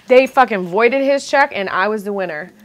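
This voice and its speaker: A young adult woman telling stories as a guest, animated and profane, acting out what other people said. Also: medium pitch, normal speed, a crowd in the background. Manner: lively, profane, acts out other people's lines. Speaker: reality TV contestant guest. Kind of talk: animated storytelling chat.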